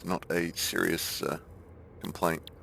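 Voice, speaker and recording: A man's voice: deep voice, flat delivery, takes it slowly, creaky, a bit bright, a little hiss or hum. A man streaming a game, chatting casually, thinking aloud and laughing often. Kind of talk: casual gameplay chat.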